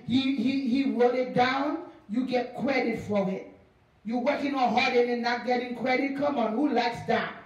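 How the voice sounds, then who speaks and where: High-voiced woman preaching in echoing hall. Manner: animated, acts out dialogues, repeats phrases for emphasis. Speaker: pastor. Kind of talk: preaching a sermon. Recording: very echoey hall, voice from far off.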